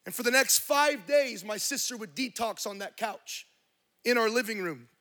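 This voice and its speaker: High, bright-voiced preaching man. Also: expressive, moderate pace. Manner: impassioned storytelling with quoted dialogue; preaches to a live congregation. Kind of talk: sermon.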